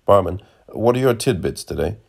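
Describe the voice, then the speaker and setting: Pedantic traveller, dry, literal, calm, voiced by a man, low voice, storybook. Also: normal speed, creaky, heavily acted.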